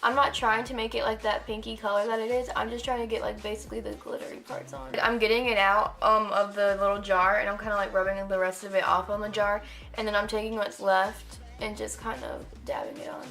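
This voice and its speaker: A woman's voice: mid-range voice, little pitch movement, fairly quick, a bit bright, faint music behind. An eighteen-year-old woman talking through a casual makeup tutorial, chatty and rambling with lots of "like" fillers. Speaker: makeup vlogger.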